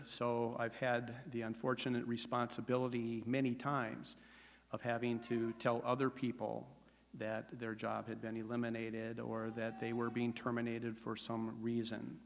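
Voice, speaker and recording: 60s guy giving his testimony at church, flat even delivery, lots of hall echo. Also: medium pitch, normal speed, creaky. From United States. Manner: earnest and steady, with occasional hesitations. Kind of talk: personal testimony. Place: church sanctuary. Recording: reverberant church sanctuary.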